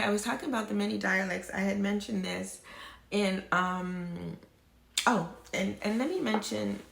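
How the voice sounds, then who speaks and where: Slow, gravelly-voiced woman chatting to viewers. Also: medium pitch, roomy sound. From United States. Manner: rambling and warm, with many restarts and digressions. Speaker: beauty YouTuber. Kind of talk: casual chat to viewers on a live stream.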